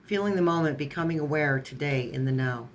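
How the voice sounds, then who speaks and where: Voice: mid-range voice, fairly quick, slight background noise. Sarcastic tarot reader listing card keywords. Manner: lists card keywords in a string, then adds sarcastic asides; stumbles and corrects words mid-phrase. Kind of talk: casual pendulum and tarot reading.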